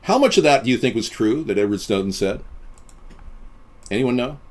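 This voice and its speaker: A man hosting a live stream, chatting with viewers in a deadpan, boastful way and jumping from topic to topic. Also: medium pitch, normal speed.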